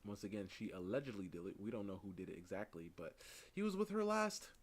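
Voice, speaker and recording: A man giving casual, animated commentary while reacting to a true-crime video, often repeating "listen" and "right?". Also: lowish voice, fast.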